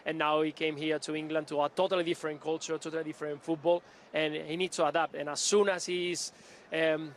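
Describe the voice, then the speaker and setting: Man, football pundit, halting, flat steady delivery, faint street noise outdoors. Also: on the high side. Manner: halting, many restarts and fillers. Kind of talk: live pre-match punditry.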